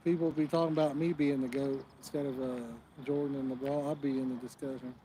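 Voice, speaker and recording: A man's voice: mid-range voice, little pitch movement, quick pace, warm tone, slight background noise. A man hosting a live fishing stream outdoors, chatting and joking in a rambling, casual way. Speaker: fishing channel host.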